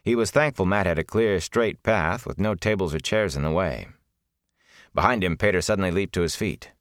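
A man narrating a fantasy novel as an audiobook, measured and expressive. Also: low-pitched, no echo, clean studio sound.

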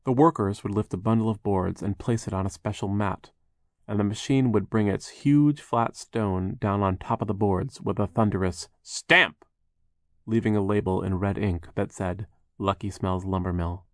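A man with a very low voice narrates a children's novel in a measured, storytelling way, with occasional wry asides. His reading is steady and deliberate. The recording is dry and close, with no room sound. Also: no echo. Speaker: audiobook narrator. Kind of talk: scripted narration.

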